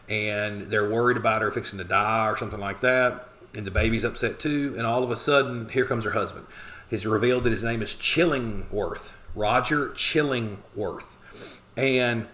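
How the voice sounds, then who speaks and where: A man's voice: medium pitch, pushed and bright. A man teaching a class, casually retelling a novel's plot and briefly acting out the characters' lines. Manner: conversational, acts out quotes in quick voices.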